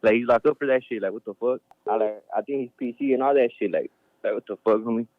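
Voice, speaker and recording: A man's voice: mid-range voice, quick pace, dry recording. A man calling in by phone, talking tough with profane street slang and lots of "homie". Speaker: caller. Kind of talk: phone call-in. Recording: dull phone line.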